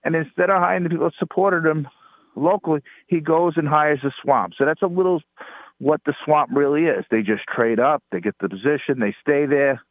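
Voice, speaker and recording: A man with a New York accent telling stories as a guest on a talk show, talking casually with emphatic rises and halting fillers. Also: a little high, dry recording. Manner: storytelling, rising emphatic on complaints, halting fillers. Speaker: guest, PR strategist. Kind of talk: casual interview chat. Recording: dry tinny phone line.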